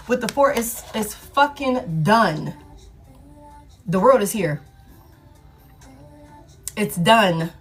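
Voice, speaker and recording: A woman doing a tarot reading who hammers her points home, repeating lines and swearing freely. Her pitch sits in the middle for a woman. Faint music plays behind her. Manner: emphatic, repetitive and blunt, with frequent profanity. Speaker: tarot reader. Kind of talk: collective love tarot reading.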